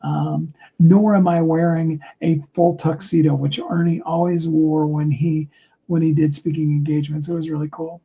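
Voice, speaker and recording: A man giving a motivational talk, telling a story slowly and deliberately, with many fillers and restarts. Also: a little high, level tone, dark tone, husky, highs cut off. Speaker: motivational speaker.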